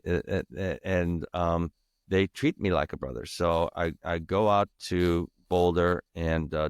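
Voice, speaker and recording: Casting: low-voiced man, guest on a podcast, candid and emphatic storytelling, dry close sound. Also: smooth, dry recording. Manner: emphatic and raw, swearing, restarting sentences. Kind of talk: candid personal storytelling in interview.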